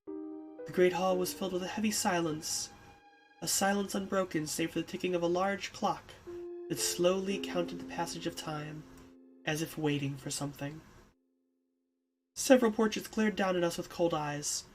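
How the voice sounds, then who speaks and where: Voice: mid-range voice, moderate pace, music in the background. A streamer reading a text game aloud and chatting casually, self-mocking and swearing. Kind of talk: game playthrough narration and commentary.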